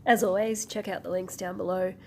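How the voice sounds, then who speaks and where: A woman's voice: mid-range voice, steady tone, brisk, slight background noise. A woman travel vlogger with a sick-sounding voice, giving practical, wry explanations. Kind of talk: informative travel vlog.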